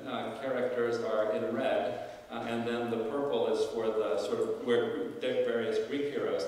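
A man's voice: medium pitch, a little mellow, slight background noise. A man, a classics professor, lecturing to alumni in a thoughtful, searching way, with frequent fillers and restarts. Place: lecture hall. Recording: roomy hall, distant mic.

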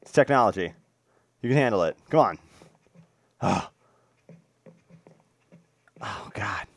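A young man talks through his game session in loose, excitable commentary, his pitch leaping up and down as he swears and coos at the animals on screen. The sound is close and dry, with no room around it. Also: takes it slowly, no echo. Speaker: gaming video host.

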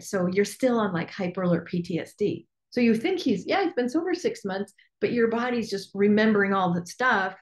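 A woman coach talks in a casual, candid way, laughs often and drops the odd swear word. Her voice sits at a middle pitch. The recording carries a noticeable room echo. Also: animated, brisk, few pauses. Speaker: business coach hosting a group call. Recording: echoey room.

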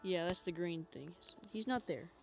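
A woman's voice: lowish voice, moderate pace, creaky, music in the background. A woman coaching a friend through a horror game in casual chat, reassuring and guiding. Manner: reassuring, guiding, loose and chatty.

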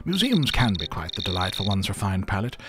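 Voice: sits low, very animated, fairly quick, over a noisy crowd. A synthetic game voice playing a haughty, snobbish neighbor who talks in a pompous, condescending, formal way.

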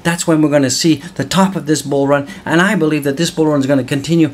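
A man's voice: fairly high pitch, fairly even intonation, fast. Hyped, whooping man hosting market commentary. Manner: hyped, exclamatory, whooping, calls viewers guys. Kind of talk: excited solo market commentary.

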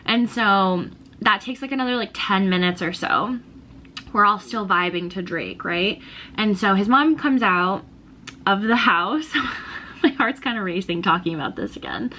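A woman's voice: medium pitch, unhurried, sharp tone, a little hiss or hum. A young woman telling a personal story in a casual, gushing vlog, often laughing and emotional. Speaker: vlogger.

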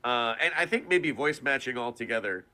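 A man's voice: medium pitch, animated, normal speed, bright, forceful tone. A man, a voice actor, chatting in a casual interview; he talks animatedly and laughs often. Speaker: voice actor guest.

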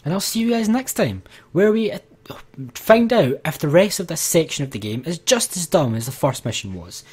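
A man's voice: on the high side, sing-song, moderate pace, darkish tone, breathy edge. A man commentating his gameplay, exasperated and ranting to his viewers. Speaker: let's play gamer.

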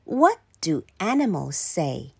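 A woman whose first language is Mandarin Chinese, a children's English teacher reading a picture book aloud in a slow, sing-song storytelling way with character voices. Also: deep voice, very animated, vocal fry, noisy background.

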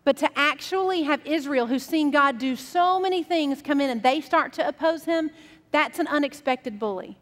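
A woman pastor preaches in a relaxed, conversational storytelling manner. Her high voice carries a long reverb from a church sanctuary. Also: normal speed. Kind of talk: sermon.

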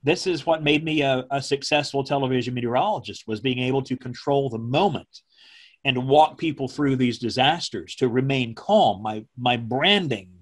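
A middle-aged man, a former television meteorologist, recalling events in a slow, measured way that turns emotional. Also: mid-range voice. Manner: slow, measured, speaking from the diaphragm. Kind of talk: emotional personal recollection.

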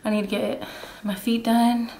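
A woman's voice: a little high, level tone, normal speed, gravelly, mellow, roomy sound, a little hiss or hum. A woman vlogging in a casual, chatty way, talking straight to her viewers and laughing often. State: out of breath. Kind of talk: casual vlog chat. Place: inside a car.

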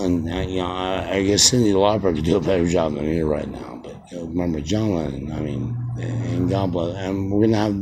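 A man in his fifties rambling as a self-styled radio host, halting with many fillers and restarts. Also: deep voice, noisy background. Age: 50s. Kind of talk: rambling mock radio broadcast.

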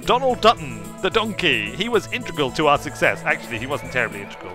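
Playful, bright-voiced male gamer. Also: medium pitch, big pitch swings, quick pace, hardly any pauses, faint music behind. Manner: playful, jokey, self-mocking. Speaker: let's play host. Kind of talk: gameplay commentary.

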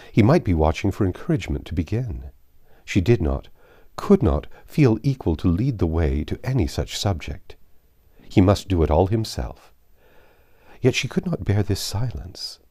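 A man reading a classic novel aloud, measured and expressive. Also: sits low, dry recording, studio quality. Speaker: audiobook narrator.

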